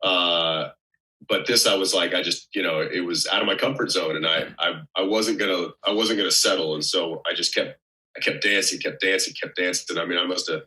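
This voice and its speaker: Male podcast guest, low and very bright voice, lively, rambling. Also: a little fast, low-quality recording. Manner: relaxed, rambling storytelling with restarts. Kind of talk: casual chat.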